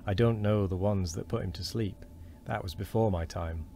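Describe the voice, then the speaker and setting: A man's voice: lowish voice, normal speed, creaky, warm tone, a little hiss or hum. A man voicing a frail, wheezing old man who is fearful and gossipy, his speech quavering.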